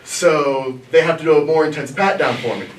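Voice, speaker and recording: Onstage in a small black box theater, a young improv performer from Missouri, US, tells a comedic story and laughs at it himself. He sounds a little high and a little fast, and the echoey theater recording, captured from a distance, carries slight background noise.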